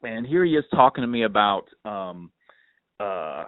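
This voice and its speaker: A man hosting a casual sports podcast, telling stories in an animated, filler-heavy way. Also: lowish voice, a little slow, no room sound. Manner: animated storyteller, lots of fillers. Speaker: podcast host. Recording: dry phone-like line.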